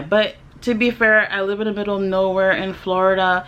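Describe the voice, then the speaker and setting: A woman's voice: medium pitch, flat delivery, fairly quick, fairly bright tone, clean tone, dull audio. A young woman vlogger telling a personal story in a candid, indignant way, swearing freely and talking with many fillers. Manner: chatty, with many fillers and restarts.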